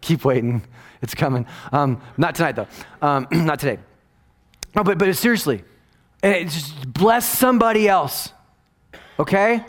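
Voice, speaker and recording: Animated rambling middle-aged male pastor. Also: fairly high pitch, unhurried, long pauses. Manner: animated and rambling, often tags "right?", swings from loud emphasis to hushed asides. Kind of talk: casual conversational sermon.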